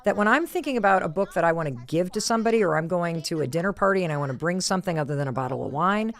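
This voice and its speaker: A woman hosting a podcast, talking in a casual, earnest, heartfelt way and speaking in quick bursts. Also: on the low side. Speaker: podcast host.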